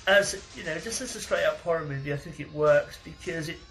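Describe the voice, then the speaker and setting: A man co-hosting a horror podcast, speaking in a measured, thoughtful way with frequent pauses. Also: a little high, fairly bright tone, faint music behind, poor audio. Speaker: podcast co-host. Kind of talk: casual chat.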